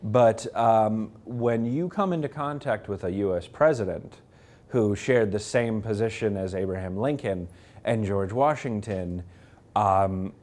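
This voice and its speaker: A man, an author, telling lively self-mocking stories to an audience at a library talk, acting out the people he quotes. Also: lowish voice, measured pace. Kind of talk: anecdotal storytelling to a live audience. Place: public library event room.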